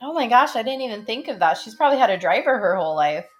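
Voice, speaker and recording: A woman's voice: on the high side, expressive, fast, faint music behind. A woman chatting casually and teasing as she comments on a film with her sister. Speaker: podcast co-host.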